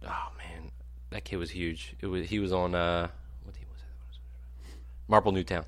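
A young man co-hosting a podcast in casual chat, laughing often and jumping high when excited. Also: measured pace. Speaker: podcast co-host.

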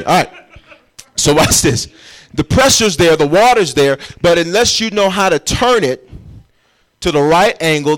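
A man preaching a sermon as pastor, emphatic and urging his congregation along as he explains scripture. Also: on the high side. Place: church.

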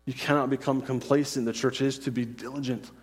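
Male pastor, earnest sermon, repeats himself, mid-pitched voice, long church reverb. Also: level tone, brisk, slightly rough. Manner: earnest, repeats phrases, asks "right?".

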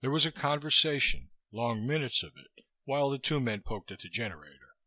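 A man narrates a novel in steady, scripted storytelling with a lively pitch. His tone is bright and the recording is close and dry. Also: brisk, no room sound. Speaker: audiobook narrator.

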